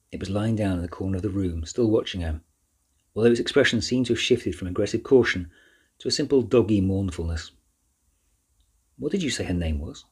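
Guy reading a kids' book, deep voice, super clean and smooth. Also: a little mellow. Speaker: audiobook narrator. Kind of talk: scripted narration.

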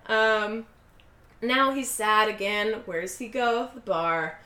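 A woman casually recapping a film, acting out the characters' lines in quick voices as she tells it. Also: medium pitch, reverberant. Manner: animated retelling, acting out quotes in quick voices. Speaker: podcast co-host recapping a film. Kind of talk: casual chat.

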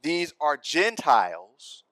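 A man's voice: fairly high pitch, big pitch swings, takes it slowly, sharp tone, no echo. A man preaching a sermon in church, conversational and often asking the congregation questions. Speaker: pastor.

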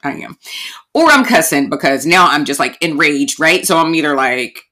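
A woman with a notably low voice talks through a solo podcast episode. She is chatty and candid, speaking straight to her listeners and calling them y'all. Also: expressive, normal speed, sharp tone. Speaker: podcast host. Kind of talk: casual podcast monologue.

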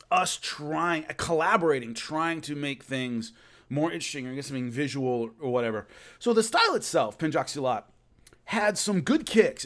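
A man's voice: fairly high pitch, fairly bright tone. Chatty man telling a rambling story. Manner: rambling, many restarts, laughs at his own story. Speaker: host recalling filming a fight show. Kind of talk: casual storytelling monologue.

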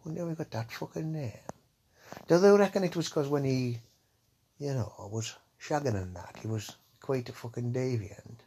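Husky, foul-mouthed man. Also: medium pitch, lively intonation, moderate pace, dark tone. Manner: rambling, crude, swears constantly, tags lines with "eh?". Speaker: podcast host. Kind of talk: casual comedy podcast monologue.

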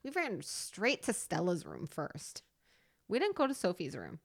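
An expressive woman in her thirties co-hosting a casual podcast. Her pitch swings widely as she acts out stories with her whole body, and she breaks into laughs as she talks. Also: a little slow, creaky. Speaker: podcast co-host. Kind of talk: casual chat.

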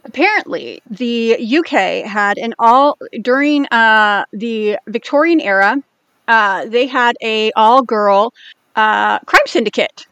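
A woman from the United States co-hosting a podcast in casual chat, blunt and swearing freely, talking in quick bursts. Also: on the high side, a bit bright, smooth, no echo. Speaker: podcast co-host.

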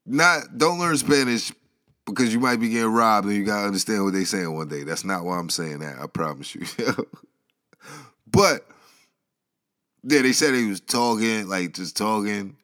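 A man's voice: fairly low pitch, normal speed, fairly bright tone. A man telling a news story as casual, rambling commentary, full of slang, asides and chuckles. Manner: slangy, rambling, laughs at his own asides. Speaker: commentary vlogger.

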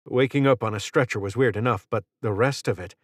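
A man's voice: medium pitch, a little fast, dry recording, clean studio sound, lightly acted. A man voicing a nervous young man in an audiobook, speaking hesitantly. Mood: uneasy. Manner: hesitant, uneasy.

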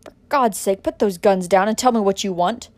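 A woman voicing a cornered wealthy man who bursts out loud and harsh. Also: mid-range voice, moderate pace, no room sound, lightly acted. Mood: desperate.

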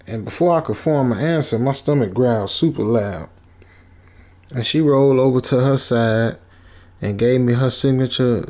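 A man's voice: mid-range voice, a little mellow. A man casually retelling a comic horror story in a loose, rambling way, full of fillers. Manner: loose, rambling, laid-back, with many fillers.

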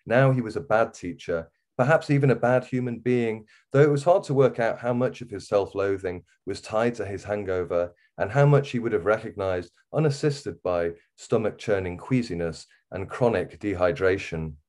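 A man with a Wirral accent reading his own short story aloud in a measured, steady way. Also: lowish voice. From England. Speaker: guest author.

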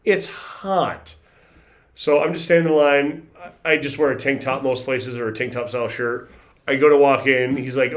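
A man's voice: mid-range voice, steady tone, normal speed. A man in his forties chatting casually as a podcast host, telling long rambling stories and acting out quoted voices. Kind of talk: casual chat.

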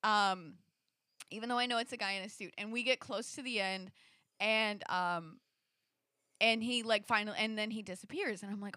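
A woman telling a personal story in a casual, animated way, full of fillers and restarts. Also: mid-range voice, moderate pace, no room sound, studio quality. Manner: acts out quoted lines, rising into shrieks. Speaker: storyteller in a conversation.

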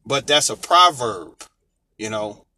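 A man's voice: medium pitch, expressive, slow pace, pushed and bright. An American man giving an informal Bible teaching, reading verses aloud and explaining them in a loose, conversational way. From United States. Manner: conversational, reads scripture aloud then explains it with many fillers.

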